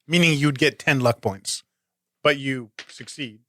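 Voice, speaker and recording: A man playing in a tabletop game, upbeat and quick to laugh in casual chat. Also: medium pitch, pushed and bright, no room sound, studio quality. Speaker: player.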